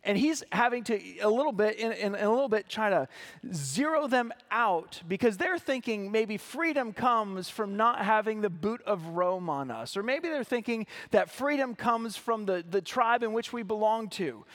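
High-voiced pastor preaching earnestly. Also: male voice, animated, moderate pace, a bit bright. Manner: earnest preaching, reads scripture aloud and explains it; occasional restarts and filler words. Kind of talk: sermon.

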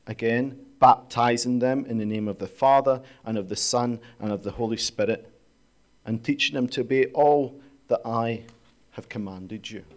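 A man's voice: mid-range voice, moderate pace. Conversational male preacher. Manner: conversational, rhetorical questions, storytelling. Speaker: pastor. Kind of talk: sermon.

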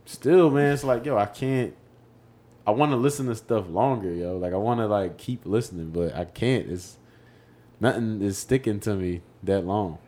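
A young adult man co-hosting a podcast, chatting casually and getting animated when excited. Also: lowish voice, normal speed. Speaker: podcast co-host. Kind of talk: casual chat.

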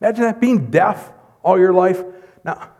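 A middle-aged man preaching a lively, joking sermon in church, swinging between loud bursts and hushed asides. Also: high voice, normal speed. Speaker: pastor. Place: church sanctuary. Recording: long hall reverb.

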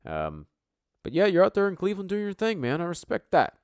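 A man's voice: high voice, wildly swooping pitch, brisk, a little mellow, clean tone, dry recording, clean studio sound. A man hosting a casual podcast, brash and joking, swearing freely as he runs through rankings. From US East Coast. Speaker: podcast host and league commissioner. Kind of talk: casual, profane commentary.

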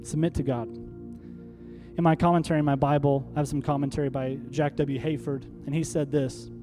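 A man preaching with a mellow, somewhat high voice. He leads the congregation through call-and-response and climbs to emphatic, rallying peaks. Faint music plays beneath the sermon. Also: flat delivery, moderate pace. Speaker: pastor.

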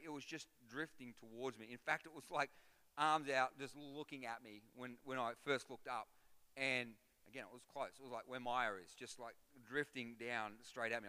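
A man preaching a sermon, telling a personal story and building to loud, repeated calls. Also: mid-range voice, clear, resonant tone. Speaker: pastor. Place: large church hall. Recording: long hall reverb.

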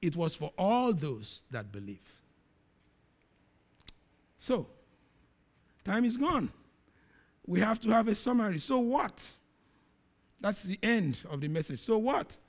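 A middle-aged man preaching a sermon, reading scripture dramatically with loud emphatic peaks and quiet low drops. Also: big pitch swings, slow, pauses often.

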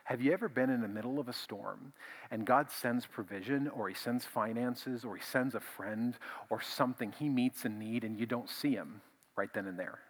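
A male pastor preaching a conversational, animated sermon, often repeating himself as he builds a point. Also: medium pitch, normal speed.

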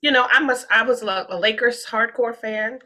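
Animated woman, bright voice. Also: fairly high pitch, normal speed. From Washington, D.C. area. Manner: animated, rambling, frequent restarts. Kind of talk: casual podcast storytelling.

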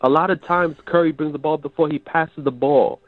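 A man's voice: on the high side, fairly even intonation, fairly quick, no room sound. Sick nasal man on a tinny phone. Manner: frustrated, rambling analysis with many restarts. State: sick, stuffy nose. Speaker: regular co-host calling in. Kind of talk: casual sports talk. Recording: dry tinny phone line.

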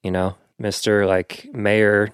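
A man hosting a podcast in casual chat, halting with many fillers and restarts. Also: fairly low pitch, level tone, smooth, dry recording, clean studio sound. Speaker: podcast host.

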